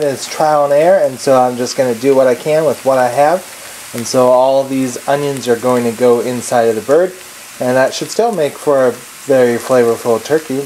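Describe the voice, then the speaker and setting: A man's voice: mid-range voice, darkish tone, a little hiss or hum. A man filming himself cooking a holiday turkey in his home kitchen, chatty and joking, laughing often. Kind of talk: casual cooking vlog.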